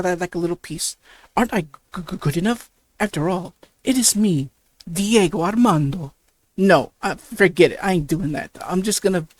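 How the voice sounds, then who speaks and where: A let's play host giving casual commentary between game lines, halting and restarting often. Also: medium pitch, no echo. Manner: halting, many restarts and stammers.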